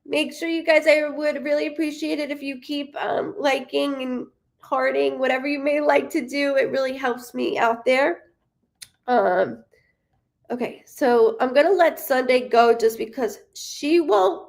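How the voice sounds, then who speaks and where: A woman with a high, gravelly voice gives a live-streamed spirit reading as a psychic medium. She speaks haltingly, full of ums and self-corrections, apologizing to her viewers and reassuring them.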